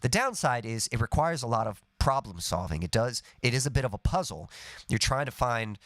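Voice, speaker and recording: A man of middle pitch teaches songwriting on a live stream and explains things patiently. He hums and sings little melody snippets as examples. The sound is close and dry, with no room around it. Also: very animated, brisk, a bit bright, no echo. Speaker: songwriting coach.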